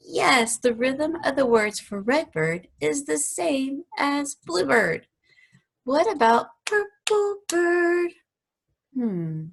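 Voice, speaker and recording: A woman teaching a children's music lesson, gently asking questions and singing short phrases and rhythm syllables. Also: fairly high pitch, animated, takes it slowly.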